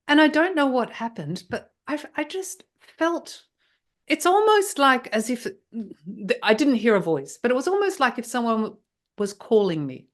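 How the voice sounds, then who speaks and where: A woman's voice: on the high side, very animated, unhurried. A woman guest in an interview telling a personal story with emotion. She often restarts her sentences and hesitates as she searches for words. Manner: emotional and breathless, with frequent restarts.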